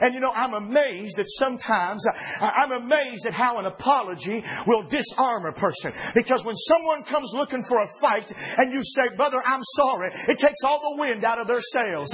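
Husky preacher guy, real high voice, gets loud and fired up in church. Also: rough recording. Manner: fervent, builds to shouting with 'uh' pauses and 'woo'. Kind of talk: sermon.

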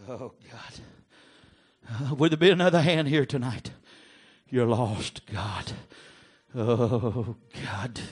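A man preaching an altar call, pleading and swinging from low murmurs to shouted appeals. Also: takes it slowly, breathy edge. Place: church sanctuary.

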